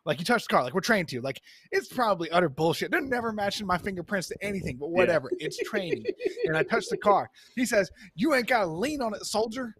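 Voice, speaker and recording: A man's voice: sits high, quick pace, slightly rough. A man co-hosting a casual podcast, telling a story with lots of laughter and acted-out quotes. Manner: animated, laughing, acts out quoted voices. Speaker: podcast co-host.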